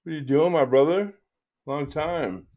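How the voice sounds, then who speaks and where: A man talks at a normal speed in a dark-toned voice that still sits on the high side while he hosts a live stream. His chat is casual, rambling and friendly, full of restarted sentences and "dude" aimed at the listener.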